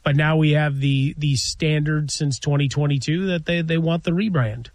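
A man's voice: fairly high pitch, steady tone, moderate pace, dry recording. A man co-hosting a sports radio show from a studio, talking in a wordy, analytical way with dry wit. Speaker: radio sports talk co-host. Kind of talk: casual studio banter. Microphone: studio mic.

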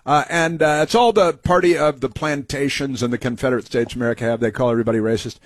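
Guy doing snarky political talk radio, mid pitch, dead dry close mic. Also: quick pace, no room sound. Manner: mocking, sarcastic running commentary. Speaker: radio talk show host. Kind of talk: political commentary over clips.

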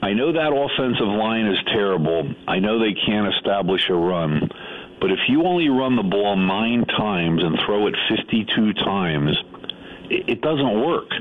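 A man's voice: fairly low pitch, expressive, a little slow. A man calling in to a sports radio show, talking in an exasperated way with stammering restarts. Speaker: radio caller. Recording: phone line.

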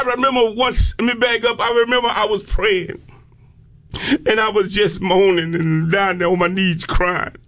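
A man. He talks slowly and deliberately, drawing out his phrases, then climbs into shouted peaks. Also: very high voice. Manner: fervent, rhythmic preaching with shouted peaks and drawn-out phrases. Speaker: preacher. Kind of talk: sermon.

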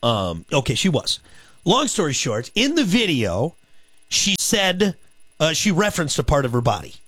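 A man co-hosting a radio show, telling a story in casual comedic banter, halting and full of fillers and restarts. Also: a little high, wildly swooping pitch, fairly bright tone, no room sound.

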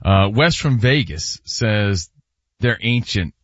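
A man's voice: lowish voice, expressive, slow pace, a bit bright, no echo, highs cut off. A man hosting a sports talk show, leading the segment in a teasing, conversational way.

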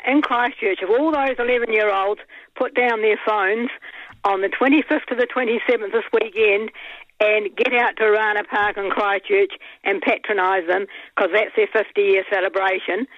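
A woman's voice: mid-range voice, fairly even intonation, moderate pace, no room sound. A woman with a New Zealand accent calling in to talkback radio, chatty and rambling with many fillers. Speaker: caller. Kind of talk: casual phone-in chat. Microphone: phone. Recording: muffled phone line.

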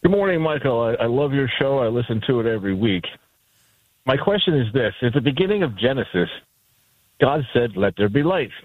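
A man's voice: medium pitch, sing-song, fairly quick, no room sound. A male caller speaks eagerly to the host, stumbling a little over his first words. His voice comes through a narrow, tinny phone line with a dry sound.

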